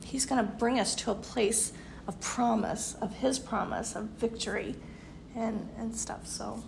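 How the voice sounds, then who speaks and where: A woman's voice: fairly high pitch, steady tone, unhurried, gravelly, slight background noise. A woman in her fifties giving an earnest devotional talk, laughing now and then, losing her voice. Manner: earnest, laughs often, voice dips quiet at ends. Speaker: women's group speaker.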